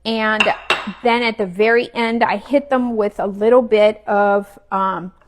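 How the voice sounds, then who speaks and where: A woman's voice: mid-range voice, measured pace, background noise. A woman chatting casually while she cooks in her home kitchen, talking as she works and sometimes chewing. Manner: chatty, relaxed, talks while cooking and chewing. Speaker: cooking vlogger.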